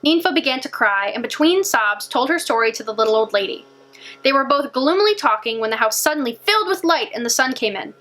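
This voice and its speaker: A woman library storyteller reading a fairy tale aloud in an animated, expressive way. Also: high voice, quick pace.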